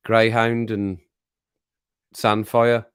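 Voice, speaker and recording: A man's voice: on the low side, level tone, drawn-out words, smooth. A middle-aged man with a Birmingham accent hosting a livestream, chatting casually with viewers in a jokey, rambling way. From England. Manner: jokey, rambling, chuckles often. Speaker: livestream host. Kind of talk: casual chat to live chat.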